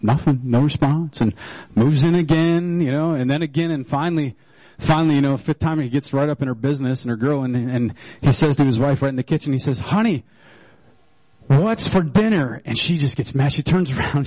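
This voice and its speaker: A man's voice: medium pitch, fairly quick, a little mellow, no echo, rough recording. A male pastor preaching a sermon in a loose, joking storytelling way, with many fillers and restarts.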